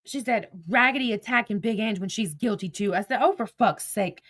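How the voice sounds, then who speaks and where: A woman's voice: on the high side, a little fast, fairly bright tone. A woman casually retelling a text conversation, reading each message aloud as "I said, she said" and swearing freely. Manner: swears freely, blunt and exasperated. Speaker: vlogger retelling online drama.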